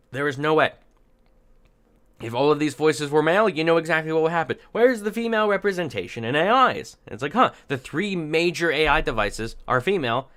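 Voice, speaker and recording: A man's voice: a little high, fairly bright tone. A man giving unscripted opinion commentary, thinking aloud in rambling sentences with many restarts and dry, sarcastic asides. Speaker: commentary vlogger.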